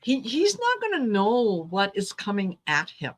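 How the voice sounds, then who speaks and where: A woman's voice: mid-range voice, huge pitch swings, measured pace. A woman who reads tarot, a guest on a casual livestream chat, who speaks unhurriedly and repeats words as she thinks.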